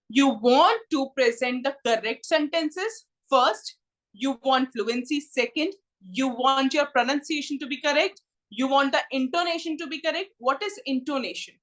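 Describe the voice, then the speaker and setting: A woman's voice: high voice, fairly bright tone. A woman with an Indian English accent teaching an online spoken English class, slipping into Hindi to explain and calling students by name with "ji".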